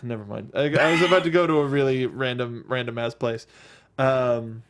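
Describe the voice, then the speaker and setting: A man's voice: medium pitch, normal speed, noisy background. A man hosting a wrestling recap show, rambling playfully in casual chat and often quoting himself. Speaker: host.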